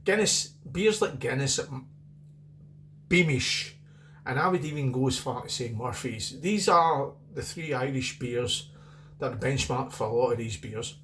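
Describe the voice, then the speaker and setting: Middle-aged Scottish man, chatty home beer reviewer, mid-pitched, wanders off on tangents. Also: lively intonation, a little slow, a bit bright, slight background noise. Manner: rambling, chatty, repeats himself. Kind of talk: casual beer review vlog.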